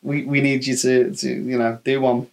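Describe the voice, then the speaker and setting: A man's voice: mid-range voice, level tone, normal speed, vocal fry. A man, a podcast co-host telling a casual anecdote from his time as a holiday rep, acting out quotes and swearing freely. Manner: chatty, swearing, acts out quotes. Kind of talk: casual storytelling chat.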